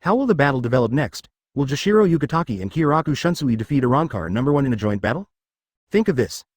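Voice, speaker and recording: A man reads a story aloud in steady scripted narration. His pitch is mid-range but lively, rising and falling throughout. The sound is dry and close, with no room echo. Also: quick pace.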